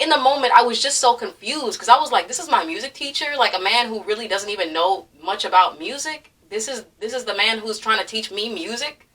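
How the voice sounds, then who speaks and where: Heated, bright-voiced young woman ranting. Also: medium pitch, breathy edge, far from the mic. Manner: heated, profane, laughing, full of fillers. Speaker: commentary vlogger. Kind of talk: ranting commentary.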